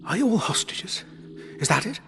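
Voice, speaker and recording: Narrator voicing a wry, polite alien traveller in a storybook reading, bright and lively, fairly high. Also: male voice, normal speed, gravelly, over music, heavily acted. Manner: polite, bright, quietly teasing.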